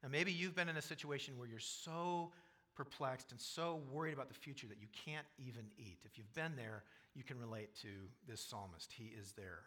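A pastor preaching a sermon, explaining scripture in an earnest way and asking the congregation questions. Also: male voice, mid-range voice, fairly quick, bright, forceful tone.

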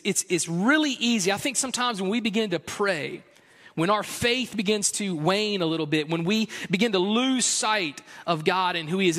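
A man's voice: high-pitched, fairly bright tone. A man preaching a sermon as pastor, earnest and conversational with a playful humor. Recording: long hall reverb.

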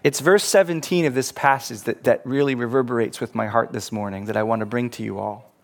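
A male pastor delivering a sermon at an ordinary middle pitch. He talks earnestly, slowing down and pressing on the words he wants the congregation to hear. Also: creaky.

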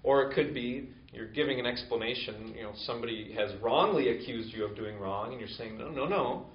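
A man's voice: mid-range voice, brisk, far from the mic. Guy preaching casually, lots of "you know", roomy echo, kinda muffled sound. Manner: conversational, many fillers, acts out quoted excuses. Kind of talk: sermon. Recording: echoey room, dull lo-fi sound.

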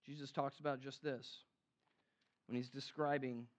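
A man preaching a sermon in an animated, conversational way, acting out the quotes he cites. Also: medium pitch, normal speed, muffled recording. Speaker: pastor.

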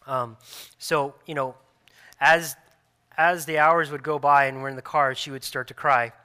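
A man in his thirties, a pastor preaching a sermon earnestly, repeating phrases and restarting softly. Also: fairly high pitch, flat delivery, a little slow, clear, resonant tone.

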